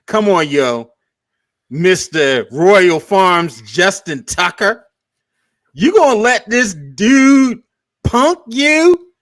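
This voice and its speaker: High-voiced ranting man. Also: slow. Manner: animated ranting, mocking impressions. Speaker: sports show co-host. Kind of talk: casual sports banter.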